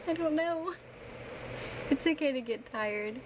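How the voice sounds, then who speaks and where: A woman's voice: high voice, animated, a little slow. A tired young woman streamer, rambling and laughing as she chats casually with her live viewers after reading a book aloud. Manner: rambling, chatty, laughs often, many fillers. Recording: clear background noise.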